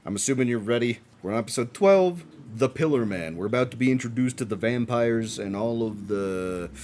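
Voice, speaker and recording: A man streaming a live watch-along, reacting excitedly with frequent laughs and casual swearing. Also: medium pitch, a little fast, slight background noise.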